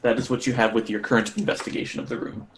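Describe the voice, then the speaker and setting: Man, game master, rambling narration, lots of uhs, mid pitch. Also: flat delivery, very fast, a bit bright, slight background noise. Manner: rambling, full of fillers.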